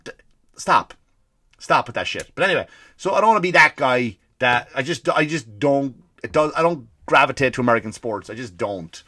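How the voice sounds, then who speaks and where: A man's voice: mid-range voice, lively intonation, normal speed, sharp tone, dry recording. An Irish man in his forties, a comedy podcast host, ranting in a rambling, profane way full of restarts. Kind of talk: comedic rant.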